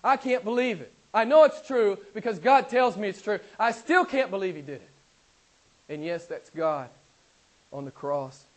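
A middle-aged man preaching a sermon, swinging between loud emphatic declarations and hushed, quiet asides. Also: high voice, lively intonation, moderate pace. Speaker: pastor.

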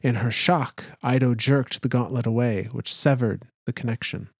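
A man reading a story aloud as a podcast co-host, in a calm, deliberate way. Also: mid-range voice, vocal fry, breathy edge, dry recording, studio quality. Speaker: podcast co-host, lore reader. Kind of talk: story narration.

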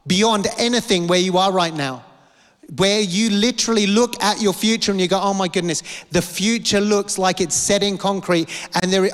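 A man's voice: high-pitched, long reverb tail. A man preaching a sermon with passion, repeating lines and asking rhetorical questions. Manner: impassioned, repetitive, rhetorical questions.

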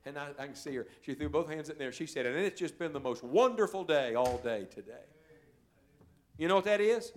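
Fervent evangelist preaching, rising and hushing. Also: male voice, on the high side, lively intonation, brisk. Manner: storytelling preacher, swells loud then drops to a hush. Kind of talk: sermon. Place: church service.

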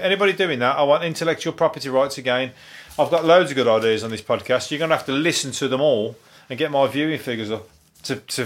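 Rambling, swearing podcast host. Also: male voice, mid-range voice, a bit bright. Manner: rambling and profane, with frequent restarts and chuckles. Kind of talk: solo podcast rant.

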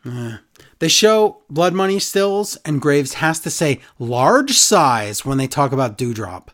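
A man's voice: on the high side, very animated, slow pace, a bit bright. A man co-hosting a casual wrestling recap chat, sarcastic and exasperated. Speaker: podcast co-host.

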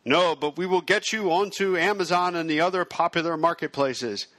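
A man playing a patronizing male distribution dealer with smooth sales patter. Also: a little high, normal speed, a bit bright, dry recording, lightly acted. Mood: smug.

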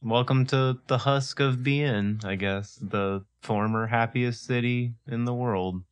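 A man's voice: mid-range voice, a little slow, clean tone. A man casually chatting and reacting while playing a video game with a friend. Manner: excitable, reads game text aloud. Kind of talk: casual let's-play banter.

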